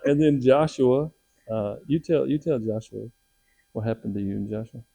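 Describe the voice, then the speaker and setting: A middle-aged man tells his faith story in a casual, lively way. His voice is gravelly and dark. He jumps up in pitch whenever he acts out what other people said. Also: moderate pace. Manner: animated, acts out quotes with raised pitch. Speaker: missionary telling his testimony.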